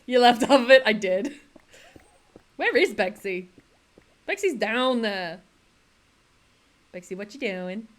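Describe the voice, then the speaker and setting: A woman's voice: a little high, expressive, slow, long pauses. A woman chatting casually on a livestream, laughing often and quoting comedy lines. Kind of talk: casual chat with chat while gaming.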